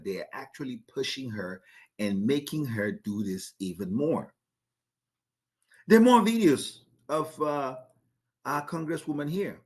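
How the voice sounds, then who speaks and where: A man hosts a podcast with a middle-pitched voice. He talks in emphatic commentary, firing rhetorical questions at his audience and often stumbling over the first words of a sentence. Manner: emphatic, repeats words when starting sentences; poses rhetorical questions to listeners. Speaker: podcast host. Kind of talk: opinionated commentary.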